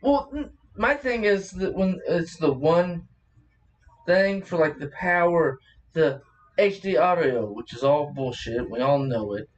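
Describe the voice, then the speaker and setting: Profane high-voiced man, a bit off-mic. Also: lively intonation, a little slow, recorded from a distance, highs cut off. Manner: crude, profane, laughs often. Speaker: podcast co-host. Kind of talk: casual chat.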